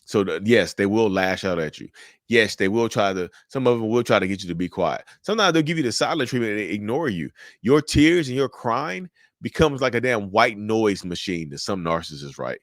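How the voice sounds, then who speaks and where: A man giving casual, animated commentary to his viewers, repeating his points and calling them y'all. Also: lowish voice, normal speed, no room sound, clean studio sound. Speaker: mental health commentator.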